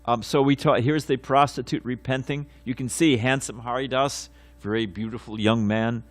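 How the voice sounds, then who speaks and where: A man, a swami, giving a devotional morning class, telling stories with many fillers and self-corrections and acting out quotes with sudden loud bursts. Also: mid-range voice, fairly even intonation, moderate pace. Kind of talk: devotional class lecture with storytelling. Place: temple class room.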